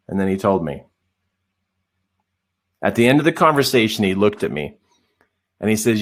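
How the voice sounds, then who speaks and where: A middle-aged man telling a story in a coaching webinar, animated and often laughing. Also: on the low side, moderate pace, long pauses.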